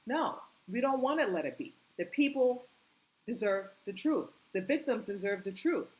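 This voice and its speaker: A woman delivering an impassioned opinion monologue, indignant and repetitive, firing rhetorical questions and climbing in pitch when angry. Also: expressive, brisk, low-quality recording. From United States. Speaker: political commentary vlogger.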